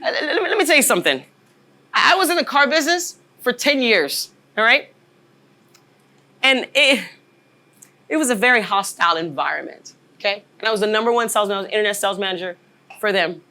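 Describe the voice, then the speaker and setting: A woman's voice: mid-range voice, expressive, brisk, pauses often, pushed and bright. A woman in her forties giving a motivational workshop talk as a leadership trainer, emphatic and often checking in with "right?". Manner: emphatic, keeps asking "right?" to the audience.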